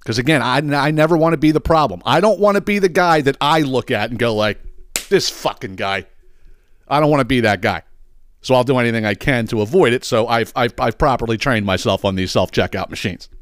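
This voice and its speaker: A man's voice: mid-range voice, fast, no echo, studio quality. Exasperated man ranting a story. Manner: profane, exasperated, animated. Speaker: podcast host.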